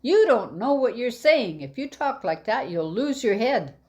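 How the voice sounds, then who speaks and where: A woman's voice: a little high, sing-song, a little slow, a little mellow, muffled recording, pitched above the performer's own voice. A woman voicing a stern male apothecary who scolds with indignation. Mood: appalled.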